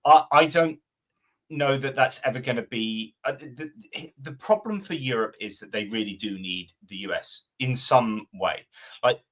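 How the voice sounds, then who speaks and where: Guy analyzing politics on a livestream, thinking out loud, restarts a lot, middle pitch. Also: moderate pace. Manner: conversational, thinks aloud with restarts and quoted asides. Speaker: guest commentator.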